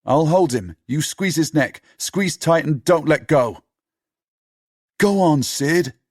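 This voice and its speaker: A man voicing an upset young boy who loves dogs and ends up shouting in rage and grief. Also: on the high side, lively intonation, slow pace, no echo, clean studio sound, voice pushed up. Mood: pleading, pushy. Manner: shouts and screams in fury.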